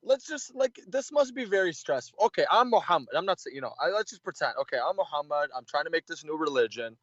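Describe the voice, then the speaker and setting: A man debating as a caller, speaking hesitantly with halting restarts. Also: fairly high pitch, big pitch swings, no room sound. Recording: dry muffled lo-fi call audio.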